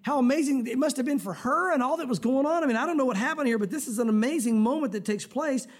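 A man preaching a conversational sermon, acting out prayers and voices with sudden shouts. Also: extremely high pitch, fast talker. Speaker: pastor.

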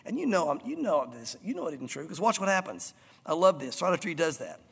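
A man preaching a sermon to his congregation, animated and emphatic, with a long hall reverb. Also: a little high, fast talker, gravelly, breathy edge. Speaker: pastor.

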